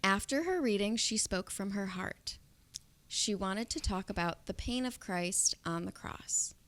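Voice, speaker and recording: A woman's voice: medium pitch, unhurried. A woman co-hosting a podcast, chatting casually and telling funny stories with frequent laughter. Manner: animated storyteller, laughing often. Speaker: podcast co-host. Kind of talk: casual chat.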